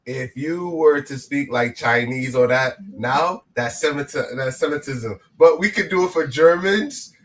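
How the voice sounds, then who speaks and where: A man's voice: fairly high pitch, a little slow, hardly any pauses, a bit bright, slight background noise. Rambling man in casual chat. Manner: rambling, repeats himself. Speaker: podcast host.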